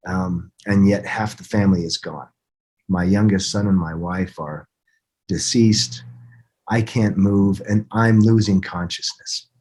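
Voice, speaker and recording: Husky middle-aged man, halting and earnest. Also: lowish voice, darkish tone. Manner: earnest, halting, restarts often. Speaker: podcast guest. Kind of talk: recounting a personal story.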